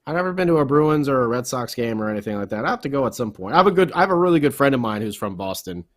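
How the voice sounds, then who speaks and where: A man co-hosting a casual hockey podcast, jokey and excitable, laughing often as he chats. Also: mid-range voice, very fast. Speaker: podcast co-host.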